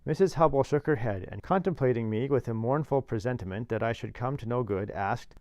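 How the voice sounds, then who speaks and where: A man narrates a classic novel at a mid pitch, steady and clear. He drops in dry, wry asides, and the recording is dry and close with no room sound. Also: a little fast, few pauses, no echo, highs cut off. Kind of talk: reading a classic novel aloud.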